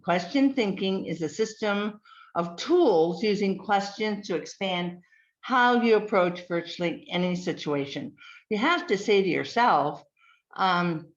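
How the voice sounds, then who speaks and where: A woman giving a slide presentation, speaking in a measured way, listing words with frequent ums. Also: medium pitch. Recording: dull lo-fi recording.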